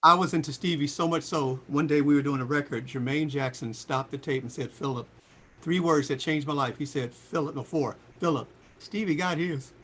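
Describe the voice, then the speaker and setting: A man in his sixties telling stories as a guest in an interview, acting out the quotes in a lively voice. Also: moderate pace. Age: 60s. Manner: lively storyteller, voices quotes with big pitch jumps. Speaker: singer and guest. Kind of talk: animated storytelling interview.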